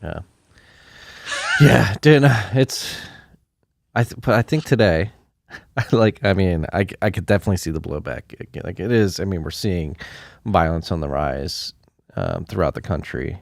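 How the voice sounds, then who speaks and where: Deep, gravelly podcast host. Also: male voice, lively intonation, a little slow, no room sound, clean studio sound. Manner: casual, laid-back, uses fillers like dude. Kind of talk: casual chat.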